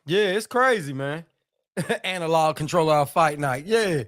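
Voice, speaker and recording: A man's voice: a little high, lively intonation, a little slow, a bit bright. A man hosting a live stream, greeting viewers and reacting to fight clips in loose, slangy banter. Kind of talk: casual live-stream chat.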